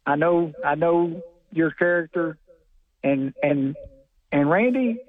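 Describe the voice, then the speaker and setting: A man's voice: a little high, lively intonation, slow pace. Man, radio caller, ranting, exasperated, phone line. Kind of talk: call-in to sports radio.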